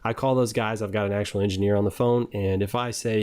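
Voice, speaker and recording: Lowish voiced guy on a podcast, blunt and sweary, rambles a bit. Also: steady tone, fast, few pauses, darkish tone, clear, resonant tone. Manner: blunt, profane, rambling with fillers. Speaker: podcast co-host. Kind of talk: casual chat.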